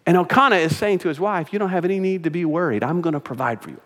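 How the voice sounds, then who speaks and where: Pastor guy preaching, kinda high voice, goes big then drops way soft, church echo all around. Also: lively intonation, racing. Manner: swings from loud emphatic points to soft hushed asides, repeats phrases. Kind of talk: sermon. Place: church sanctuary. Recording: church sanctuary with long reverb.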